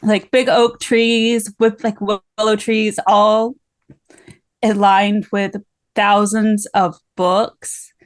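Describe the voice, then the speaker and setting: A woman's voice: mid-range voice, flat delivery, very slow, dry recording. A woman player describing her character in a tabletop game, hesitant, with many "like"s, and losing her voice. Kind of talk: casual tabletop game chat.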